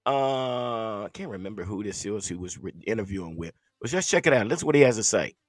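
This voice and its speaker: A man hosting a casual sports podcast, animated and laughing between phrases. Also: fairly low pitch, fairly quick, no echo, clean studio sound. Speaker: podcast host.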